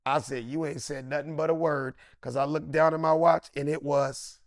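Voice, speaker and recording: A comedian in his fifties from Los Angeles, telling stories as an interview guest in a lively, slangy, emphatic way and acting out the voices of the people he quotes. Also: a little high, normal speed, creaky, dry recording, studio quality. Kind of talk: animated storytelling in a sit-down interview.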